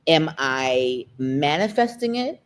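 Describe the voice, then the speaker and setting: A woman, a guest talking candidly in an interview, emotional and close to tears, her pace speeding up and slowing down. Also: sits low. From United States. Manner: emotional, expressive, quick shifts in pace. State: near tears.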